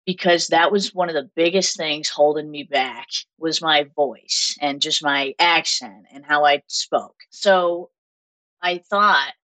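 A woman in her twenties with a Massachusetts accent, telling stories as an interview guest in an animated way with frequent laughter. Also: low voice, slow, low-quality recording. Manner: animated storytelling, laughs often. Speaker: guest makeup artist. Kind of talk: casual interview chat.

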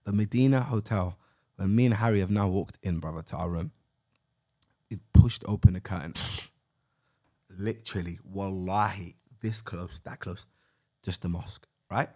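A young man spins a heartfelt story with a fairly low voice, animated and full of street slang. He talks casually, as if to close friends across a podcast table. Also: moderate pace. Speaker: podcast co-host.

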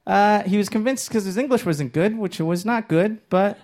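A man from Los Angeles doing a stand-up comedy set on a stage mic, with a punchy delivery that swings into loud shouted bits. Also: high-pitched, moderate pace. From Los Angeles, Inglewood. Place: comedy stage before a live audience. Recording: live stage mic, crowd laughter.

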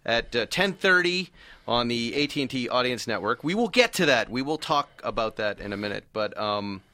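A man's voice: medium pitch, big pitch swings, moderate pace, pushed and bright, dry recording. A man hosting a casual comedy interview podcast, chatty, stumbling over his words and laughing easily. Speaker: podcast host.

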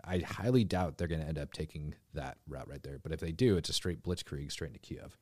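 Fast-talking low-voiced man. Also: a little mellow, no room sound. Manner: explains while drawing on a map. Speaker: podcast host. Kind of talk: casual podcast chat.

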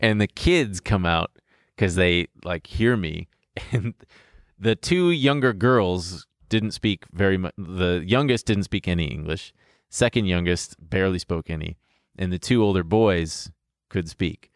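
A man's voice: deep voice, animated, measured pace, no room sound, studio quality. A young adult man on a podcast, telling a personal story in a rambling way, swearing and laughing as he goes. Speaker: podcast co-host. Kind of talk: casual storytelling chat.

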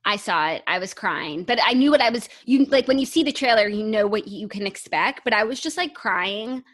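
A woman's voice: medium pitch, animated, a little fast, a bit bright. A woman co-hosting a podcast in casual, upbeat chat, often saying "like". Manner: chatty and upbeat, uses "like" often. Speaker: podcast co-host.

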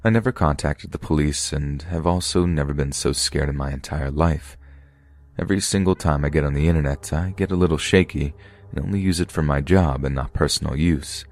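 A man narrating true scary stories for a podcast in a steady, measured way. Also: rumbling low, no echo.

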